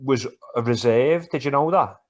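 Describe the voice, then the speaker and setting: A man's voice: mid-range voice, normal speed. Sweary, teasing man on a podcast. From England. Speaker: podcast co-host. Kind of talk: casual banter about football and MMA.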